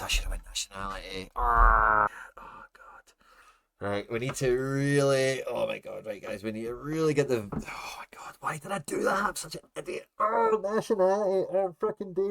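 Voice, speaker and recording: A young man in casual stream commentary who gets excitable, groans, scolds himself and chats to his viewers. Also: fairly low pitch, dry recording, clean studio sound.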